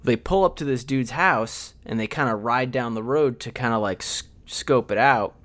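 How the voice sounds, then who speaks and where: A man co-hosting a podcast, rambling through a movie plot recap in casual chat and slipping in quick quoted lines. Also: medium pitch, fairly bright tone. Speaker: podcast co-host.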